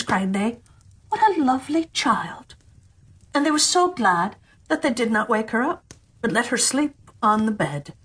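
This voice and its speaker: A middle-aged woman reads a children's fairy tale audiobook as a storyteller. Her voice is soft and breathy at a middle pitch, and she reads expressively, slipping into the characters' voices.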